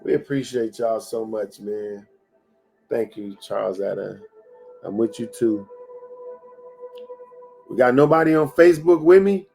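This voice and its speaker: A man hosts a motivational livestream and speaks straight to his viewers. His voice sits at a middle pitch, and he repeats his phrases in a preacher-like way. Faint music plays behind him. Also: measured pace, creaky, long pauses. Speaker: host of a live-streamed motivational show. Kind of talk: live-stream motivational talk.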